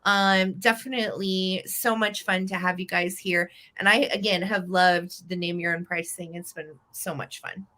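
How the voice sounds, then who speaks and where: A woman's voice: lowish voice, fairly even intonation, moderate pace, few pauses, pushed and bright. A woman hosting a live online vintage sale, chatty and upbeat as she describes each item. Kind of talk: live online sales chat.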